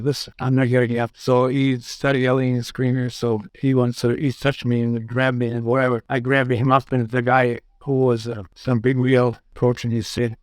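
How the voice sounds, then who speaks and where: A man's voice: medium pitch, a little mellow, no room sound. A man telling a personal story in casual, rambling style, quoting each person's lines in turn, with non-native English phrasing. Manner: rambling, quotes others in dialogue.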